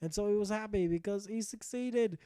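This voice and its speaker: High-voiced man mock-narrating a game. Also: normal speed, mellow, clean tone, no echo. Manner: jokey, profane, mock-epic storytelling. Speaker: gamer narrating his playthrough. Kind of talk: comedic game commentary told as a tale.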